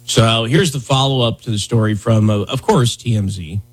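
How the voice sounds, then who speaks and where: A man's voice: fairly low pitch, moderate pace, husky, soft background music, rough recording. A man hosting a political commentary show, talking bluntly and heatedly, often repeating himself.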